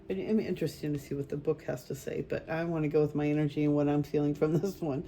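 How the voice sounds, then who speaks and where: A woman's voice: deep voice, steady tone, fast, warm tone, a little hiss or hum. A woman doing a group card reading as a spiritual medium, talking casually and rambling with many fillers and restarts.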